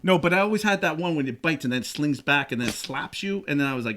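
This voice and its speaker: Animated high-voiced middle-aged man. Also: fast talker, slight background noise. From Rhode Island. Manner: animated, jumps into high silly voices when quoting, laughs often. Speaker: podcast host. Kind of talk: casual chat.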